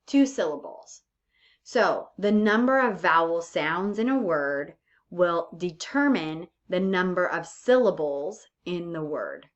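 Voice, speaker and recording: Woman teacher for a recorded lesson: unhurried, patient, drawn-out examples, muffled lo-fi sound. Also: fairly low pitch, big pitch swings. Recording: dull lo-fi recording.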